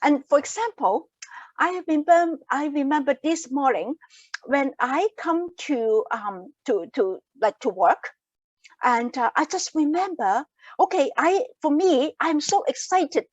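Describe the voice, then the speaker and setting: A woman with a high voice presents a wellness workshop over a video call, earnest and explanatory. She restates her key phrases to drive them home. The laptop audio is dull and dry. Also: lively intonation, measured pace, no room sound. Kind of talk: online wellness workshop talk. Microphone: laptop mic on a video call.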